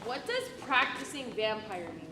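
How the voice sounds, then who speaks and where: A woman's voice: medium pitch, animated, moderate pace, lightly acted. A young woman playing a flustered female admissions interviewer in a school stage play. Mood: skeptical. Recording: echoey stage with hiss.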